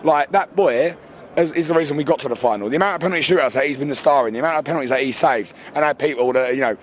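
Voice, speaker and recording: A man's voice: fairly high pitch, rapid-fire, slight background noise. A man, ranting furiously and swearing as a football fan outdoors after a match. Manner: furious, sweary, shouting over himself. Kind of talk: angry fan rant.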